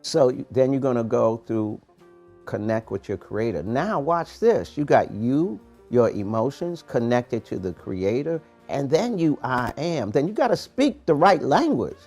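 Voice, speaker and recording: A man hosting a morning podcast, giving a preachy, animated motivational talk in street-casual phrasing. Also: medium pitch, unhurried, faint music behind. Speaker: podcast host, motivational coach.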